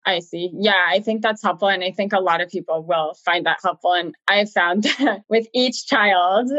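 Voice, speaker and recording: A woman's voice: medium pitch, normal speed, a bit bright, no room sound. A woman hosting an interview, affirming and conversational with frequent agreement. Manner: affirming, conversational, lots of backchannels. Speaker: interview host. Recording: dull, slightly lo-fi sound.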